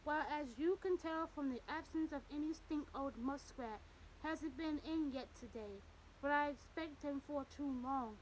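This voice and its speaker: A woman's voice: high voice, measured pace, slight background noise, low-quality recording. A woman voicing a burly, grinning German shopkeeper with a German accent. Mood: jovial.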